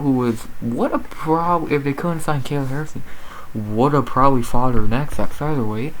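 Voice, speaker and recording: Low-voiced woman ranting in disbelief. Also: a little hiss or hum, rough recording. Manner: incredulous, profane, exasperated. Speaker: MMA commentator. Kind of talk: sports recap rant.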